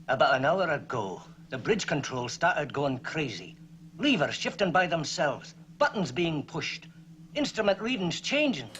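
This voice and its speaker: A ship engineer with a put-on Scottish accent reports trouble with a lively rise and fall. It is old 1960s TV drama acting. The audio is dull with a faint noise bed. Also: male voice, fairly high pitch, measured pace. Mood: worried.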